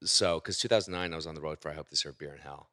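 A stand-up comedian chats casually, telling animated stories and putting on other people's voices. His voice sits very low. The sound is dry and close. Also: racing, no echo. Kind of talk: casual chat.

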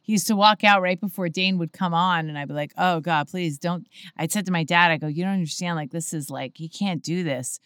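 A woman with a slightly low voice tells stories in a relaxed chat, acting out every quote she remembers. Her voice sits close and dry with no room sound at all. She laughs often as she talks. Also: fairly quick, clean tone, dry recording. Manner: animated storyteller, acts out quotes, laughs often. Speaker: comedy club manager, podcast guest. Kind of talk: casual storytelling chat.

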